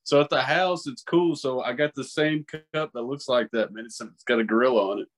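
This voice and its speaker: A man in his thirties hosts a loose, casual chat. He rambles and swears freely, telling his stories with animated energy. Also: medium pitch, brisk. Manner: profane, rambling, animated storytelling. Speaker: podcast host.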